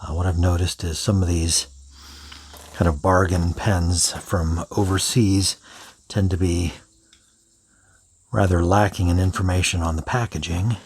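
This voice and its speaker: A man reviewing pens in an unhurried, thinking-aloud way, now and then dropping into soft whispered asides. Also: low voice, breathy edge. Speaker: pen reviewer. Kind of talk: unscripted product review.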